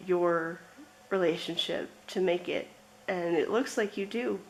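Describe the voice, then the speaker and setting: Slow, emotional woman reading tarot. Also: lowish voice, slight background noise, low-quality recording. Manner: slow, emotional, reflective, with laughs. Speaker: tarot reader. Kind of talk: pick-a-card tarot reading.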